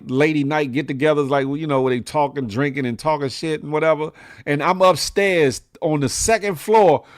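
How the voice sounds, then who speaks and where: A man hosting a casual morning show, telling stories with lively quoted voices and frequent laughter. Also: fairly high pitch, dry recording, clean studio sound. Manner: storytelling, animated quoted voices, laughs often. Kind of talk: casual livestream chat reading comments.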